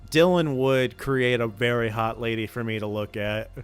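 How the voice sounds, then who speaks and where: A man's voice: medium pitch, normal speed, clean tone, faint music behind. A man streaming casually, bantering with his chat and joking at his own expense.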